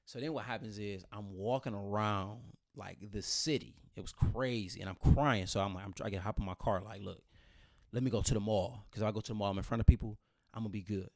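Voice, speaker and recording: Man, low gravelly voice, casual storytelling, repeats phrases, quotes others, dry close sound. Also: fast talker, dry recording. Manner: animated retelling, quoting others, repeating phrases. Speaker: storyteller sharing a personal story. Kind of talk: casual chat.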